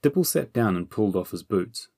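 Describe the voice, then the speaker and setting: A man narrating an audiobook chapter in a steady, measured storytelling manner. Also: on the low side, breathy edge, no room sound, clean studio sound. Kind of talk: scripted narration.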